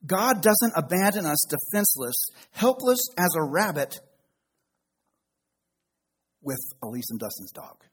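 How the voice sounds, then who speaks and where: A man's voice: fairly high pitch, very animated, a little slow, pauses often, slightly rough. A middle-aged male pastor giving a conversational sermon with joking asides.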